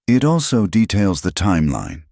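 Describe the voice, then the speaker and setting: A man putting on the voice of a stern frontier schoolteacher woman, steady and accusing. The voice is deep and dry, with a measured, cold edge in a storybook western. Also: vocal fry, no room sound, exaggerated voice.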